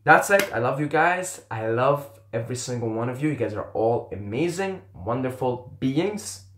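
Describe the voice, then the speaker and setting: A man's voice: mid-range voice, lively intonation, moderate pace, roomy sound, noisy background. A man giving casual dating advice to camera, rambling, swearing freely and repeating himself.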